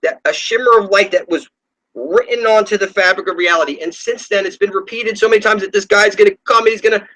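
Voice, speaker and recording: An online video ranter, a man at home, speaks in a high-sitting voice, a little fast and sharp in tone, over poor audio. His spiritual rant rambles and swears, scornful and preachy, and he often trails off and restarts his sentences.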